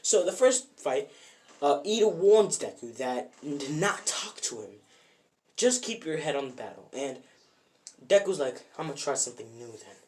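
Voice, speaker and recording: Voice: medium pitch, big pitch swings, unhurried, a little mellow. A narrator telling a fan what-if story off the cuff at home, rambling with many fillers and self-corrections. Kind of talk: casual improvised storytelling. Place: bedroom at home.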